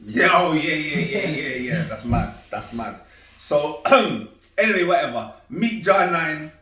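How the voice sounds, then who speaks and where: A man telling a story in a casual, animated way. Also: a little high, slow, a crowd in the background. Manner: animated, excitable, laughing as he tells it. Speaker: storyteller guest. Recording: echoey room, distant mic.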